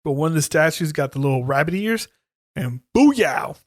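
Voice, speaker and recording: A man's voice: fairly high pitch, moderate pace, a little hiss or hum. A man on a podcast retelling a horror movie plot in casual chat, swearing a lot and acting out the characters' lines. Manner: animated storytelling, heavy swearing, acts out lines. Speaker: podcast co-host.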